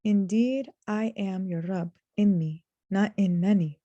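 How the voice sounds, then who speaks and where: A woman giving a reflective religious lesson, speaking earnestly, slowing down to stress key words and reciting short Arabic verses. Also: mid-range voice, mellow, no echo, muffled recording. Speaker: Quran teacher.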